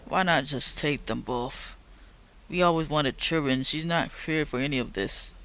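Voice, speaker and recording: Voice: medium pitch, moderate pace, a bit bright, clean tone, rough recording. A gamer giving casual commentary during a playthrough, speculating aloud about the story. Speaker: let's play gamer. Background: faint game music.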